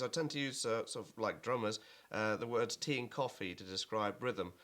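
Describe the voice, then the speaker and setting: A man's voice: mid-range voice, a bit bright. A man teaching an online keyboard lesson, explaining at an easy pace with fillers and now and then chanting rhythm words over his playing.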